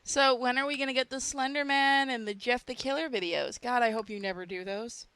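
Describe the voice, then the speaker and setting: A woman's voice: fairly high pitch, a little fast, fairly bright tone, smooth, no echo. A woman hosting a casual chat, wry and joking, easily amused. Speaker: podcast host.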